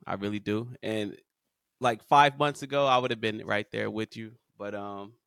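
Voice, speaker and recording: A man's voice: lowish voice, normal speed, gravelly, clear, resonant tone, no echo, clean studio sound. A man co-hosting a casual podcast, ranting emphatically and repeating his points. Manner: emphatic, lively, rants with repetition. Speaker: podcast co-host.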